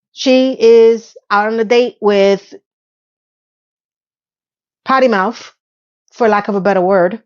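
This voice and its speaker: A woman's voice: mid-range voice, darkish tone, dull audio. A woman casually recapping a TV episode, chatty and sarcastic, sometimes acting out the characters' lines.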